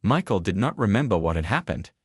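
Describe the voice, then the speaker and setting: A male narrator reading a story aloud in a low, husky voice. His pitch moves in lively swings from phrase to phrase, and the sound is close and dry. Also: brisk, no echo.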